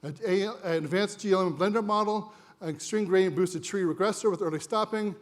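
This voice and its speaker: A man's voice: sits high, a little fast. A man presenting at a conference to a live audience, conversational and jokey, quizzing the room, and a little winded.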